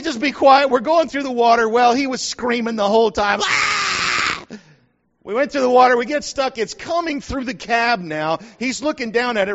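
Man, middle-aged, folksy preacher, acts out quotes, muffled lo-fi sound. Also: high voice. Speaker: pastor. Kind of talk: sermon with personal story. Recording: dull lo-fi sound.

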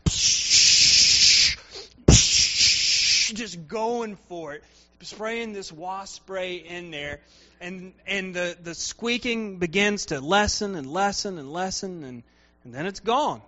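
High-voiced animated male preacher. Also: slow, highs cut off. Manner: animated storyteller, acts out voices. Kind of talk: sermon with personal story.

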